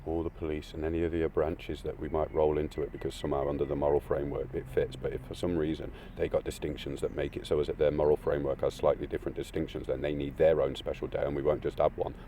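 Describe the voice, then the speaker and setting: A man crying through a rambling, emotional monologue, swearing often and swinging between loud outbursts and hushed, near-whispered lines. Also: extremely low pitch, flat delivery, quick pace, hardly any pauses, slight background noise.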